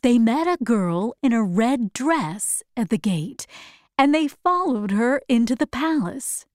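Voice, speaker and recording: A woman reads a storybook aloud very slowly and clearly. Her pitch is fairly high and moves a lot, which makes her reading expressive. The recording is dry and close. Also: no echo.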